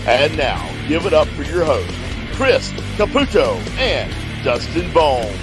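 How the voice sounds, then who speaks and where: A man voicing a grand, booming male show announcer who introduces the hosts. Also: sing-song, a little slow. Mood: hyped. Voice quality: loud announcer delivery. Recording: intro with loud music bed.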